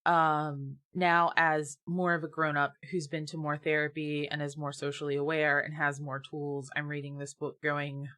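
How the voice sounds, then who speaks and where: A woman co-hosting a podcast in casual chat, blunt and profane, often swinging into animated rants. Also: low-pitched, moderate pace, few pauses. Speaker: podcast co-host.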